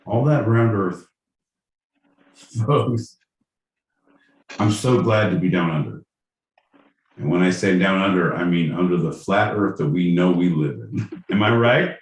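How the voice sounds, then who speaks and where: A man's voice: low voice, measured pace, long pauses, far from the mic. A man co-hosting a comedy podcast, riffing in casual banter and mock stand-up bits, swearing freely. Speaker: podcast co-host. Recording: echoey room, off-mic, faint noise.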